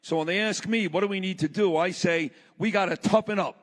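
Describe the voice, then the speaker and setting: Speaking fairly quickly, a man with a high, fairly bright voice delivers a blunt and impassioned story to a live audience at a summit. The setting is a large hall, and its long reverb is clearly heard.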